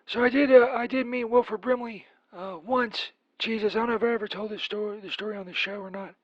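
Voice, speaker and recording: A man's voice: high-pitched, fairly even intonation, fast talker, no echo, highs cut off. A man voicing a crude, rambling Saint Peter who leaves a profane voicemail full of filler words, as a comedy bit. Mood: ranting.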